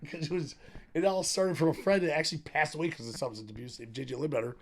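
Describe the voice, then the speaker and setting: A middle-aged man, a podcast guest, telling a candid story in a rambling, animated way, acting out the lines of the people in it. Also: fairly high pitch, very fast. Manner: animated, rambling, acts out quoted dialogue, laughs often.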